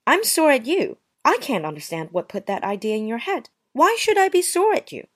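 A woman's voice: mid-range voice, very animated, fairly quick, a bit bright. A woman voicing a touchy, prim young woman who answers with sarcastic, wounded politeness in a dramatized story. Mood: offended. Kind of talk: dramatized short story reading.

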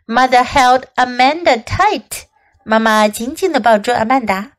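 A woman English teacher reading a picture book aloud in two languages and repeating sentences for practice, slow and expressive. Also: on the high side. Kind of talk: bilingual storybook reading and lesson.

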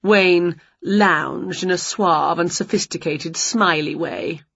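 A woman's voice: lowish voice, creaky, husky, no echo. A woman whose first language is Chinese, reading an English picture book aloud to children. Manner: slow, lively storytelling. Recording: dull lo-fi home recording.

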